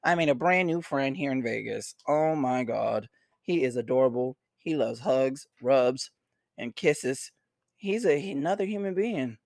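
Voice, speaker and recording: Casting note: a man as a chatty podcast host. Profane, excitable storyteller, mid-pitched voice. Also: a little slow, creaky, no room sound, clean studio sound. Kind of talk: casual chat with friends. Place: vacation house.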